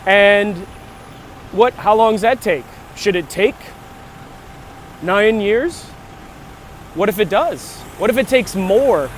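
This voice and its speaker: A vlogger with a high voice talks casually on a morning walk near traffic, with slight background noise. He speaks slowly with long pauses, musing and rambling and often interrupting himself to start again.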